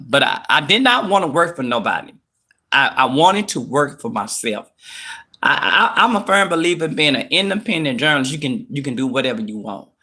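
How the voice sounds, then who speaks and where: A young man hosting a live news stream, chatty and excited, talking straight to his viewers as y'all. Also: on the high side.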